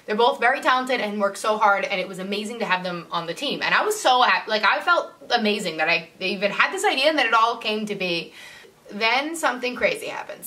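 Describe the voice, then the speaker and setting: A woman's voice: a little high, bright, forceful tone, distant mic. A woman vlogger telling a personal story to camera in a chatty way, full of "like" fillers. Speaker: model and vlogger.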